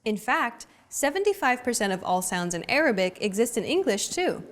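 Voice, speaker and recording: A young adult woman hosting a language lesson in an upbeat, clear teacherly delivery. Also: on the high side, big pitch swings, normal speed. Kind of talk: scripted lesson narration.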